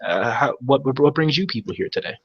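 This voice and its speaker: A man's voice: mid-range voice, lively intonation, quick pace, husky, no echo. A man voicing a nervous human dockmaster who stammers and fawns over visitors with too much politeness. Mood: flustered. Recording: dull lo-fi recording.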